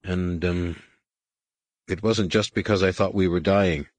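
A man's voice: low voice, fairly even intonation, measured pace, no echo. A male narrator voicing an awkward, sincere teenage boy in an audiobook.

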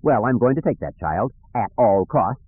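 A man's voice: mid-range voice, lively intonation, moderate pace, slightly rough, dry recording. A man voicing a ruthless, mocking imperial officer who snaps at his underlings, on a dry, tinny, phone-like recording. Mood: gloating. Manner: snappish, mocking. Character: gloating ruthless imperial officer, male adult.

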